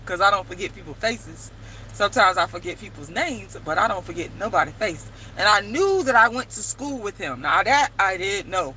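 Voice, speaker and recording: Animated, sharp-voiced woman vlogger. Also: mid-range voice, fairly quick, slight background noise, rough recording. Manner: animated, emphatic, swears freely. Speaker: vlogger and playwright. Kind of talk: casual storytelling to camera.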